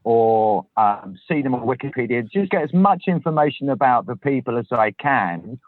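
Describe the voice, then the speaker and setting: A man's voice: mid-range voice, lively intonation, normal speed, no echo. Man on a tinny phone line. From southern England. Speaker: podcast host. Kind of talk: casual chat. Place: in a parked car.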